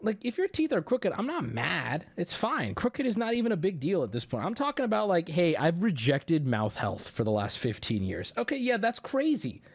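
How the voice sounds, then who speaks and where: A man streaming, telling a rambling story to his chat in a casual, animated way and acting out the people in it. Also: medium pitch.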